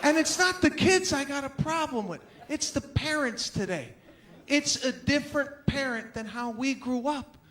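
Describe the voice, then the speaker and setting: A man performing a stand-up comedy set on stage, animated and acting out the people in his stories. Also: extremely high pitch, normal speed. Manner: animated, acts out characters' voices. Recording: live show with audience noise.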